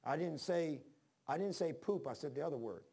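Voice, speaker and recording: A man's voice: a little high, expressive, a little fast, gravelly, mellow, slightly rough. A man preaching a sermon in a homespun, rambling way, telling personal stories, often restarting his sentences and reading scripture in old-fashioned wording.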